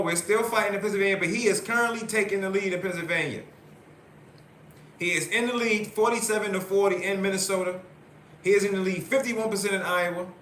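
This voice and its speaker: Excited man reading out election results. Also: high-pitched, reverberant, a little hiss or hum. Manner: excited, repetitive, reading out vote counts. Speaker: host. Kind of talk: live election-night commentary.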